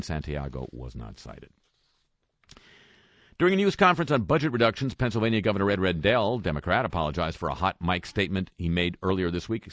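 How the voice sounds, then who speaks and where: Man, very low voice, wry news commentary, sarcastic asides, dry close mic. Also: no echo. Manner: dry, sarcastic asides between read quotes. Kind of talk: wry spoken news roundup.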